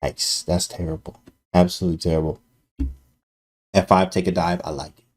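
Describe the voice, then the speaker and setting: A man's voice: sits low, steady tone, normal speed, husky. Hyped, slangy man talking chess. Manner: slangy, hyped, talks straight to chat. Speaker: chess streamer. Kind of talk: live-stream chess commentary.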